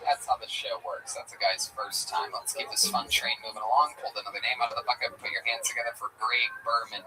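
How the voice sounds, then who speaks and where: A man hosting a live comedy show, roasting the comics with loud, profane banter. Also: medium pitch, steady tone, quick pace, distant mic, music in the background, rough recording.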